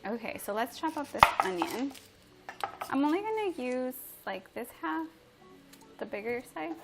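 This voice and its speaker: A woman's voice: high voice, big pitch swings, moderate pace, over music. A woman hosting a casual cooking livestream from her home kitchen, chatting with viewers and laughing often. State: teary from chopping onion.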